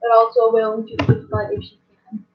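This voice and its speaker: A woman's voice: a little high, big pitch swings, a little fast, crowd noise. A woman playing a tabletop game, speaking hesitantly with small stammers. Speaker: player. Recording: dull lo-fi sound.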